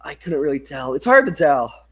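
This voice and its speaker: A man's voice: fairly high pitch, big pitch swings, moderate pace, fairly bright tone, husky. A young man doing casual play-by-play commentary for a football livestream, tired and yawning, often correcting himself and apologizing for slips. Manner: casual, self-correcting, apologetic about mistakes. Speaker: fan play-by-play streamer.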